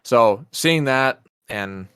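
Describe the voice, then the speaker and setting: Swearing animated man, dry sound. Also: medium pitch, drawn-out words, clear, resonant tone, no room sound. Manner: animated, swears a lot, acts out scenes. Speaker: podcast co-host. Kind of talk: casual chat.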